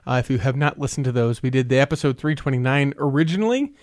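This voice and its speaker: A man's voice: mid-range voice, lively intonation, fast talker, darkish tone, no room sound. A man hosting a podcast in a home studio, chatting and teasing his co-host while a sore tongue affects his speech. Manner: teasing, rambling. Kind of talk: casual podcast chat.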